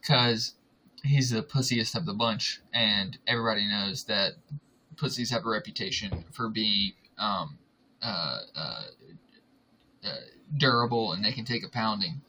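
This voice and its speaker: A man riffs crudely as a podcast guest, his voice bright and forward. He rambles with fillers while a faint hiss sits underneath. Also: on the low side, measured pace, rough recording. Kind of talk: casual podcast chat.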